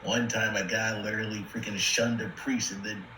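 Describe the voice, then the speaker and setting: A man's voice: lowish voice, fairly even intonation, moderate pace, bright, forceful tone, a little hiss or hum. A man playing a tabletop game, chatting casually with lots of fillers. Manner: chatty, uses filler words like "like" and "you know". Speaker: player. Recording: echoey room.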